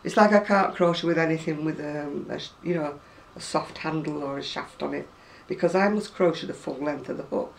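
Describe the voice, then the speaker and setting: A woman's voice: deep voice, a little fast, gravelly, hardly any pauses. An older woman chatting casually to camera about her crochet, rambling and self-deprecating. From England. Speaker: crochet vlogger. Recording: distant mic with faint room noise.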